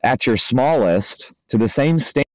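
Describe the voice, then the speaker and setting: A man's voice: mid-range voice, expressive, moderate pace, a little mellow, no echo. A man, a spiritual coach, talking loosely and casually to his listeners, with many fillers and the odd swear word. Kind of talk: casual spoken monologue. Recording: dry, slightly dull lo-fi audio.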